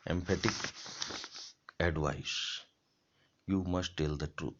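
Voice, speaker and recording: A male college lecturer with a very low voice talks slowly through a grammar lesson. He speaks deliberately and repeats his example sentences. The recording sounds dull and lo-fi. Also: fairly even intonation, heavy background noise. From India.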